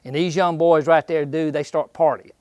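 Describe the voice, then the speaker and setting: A slightly high-voiced man with a drawl holds forth at a seminar in a shop. He spins folksy, joking stories, drops into slangy voices and keeps asking his crowd questions. The sound is dry and close, with little room in it. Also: steady tone, normal speed, darkish tone, dry recording. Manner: folksy, jokey storyteller, acts out bucks in slang, quizzes the audience. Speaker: seminar speaker on deer hunting. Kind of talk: live seminar talk to a small crowd. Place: indoor outdoor shop.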